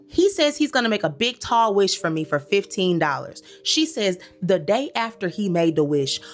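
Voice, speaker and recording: A woman hosting a comedic recap commentary, sassy and slangy, talking straight to her listeners and scolding the characters. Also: medium pitch. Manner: animated, sassy, talks back to characters in quoted asides; slangy, addresses listeners as y'all.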